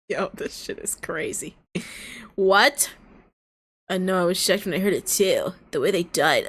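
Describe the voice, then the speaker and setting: A woman's voice: fairly low pitch, takes it slowly, long pauses, breathy edge. A woman streaming visual novels, reacting with frequent laughter and swearing and reading the game's lines aloud. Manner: laughs often, swears freely, reacts loudly. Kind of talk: casual gameplay commentary, reading dialogue aloud.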